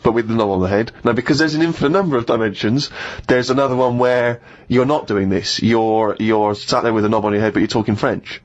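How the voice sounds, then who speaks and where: A man's voice: medium pitch, a little fast, few pauses. A man co-hosting a casual comedy podcast, rambling through anecdotes and laughing often. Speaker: co-host. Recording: dull lo-fi podcast audio.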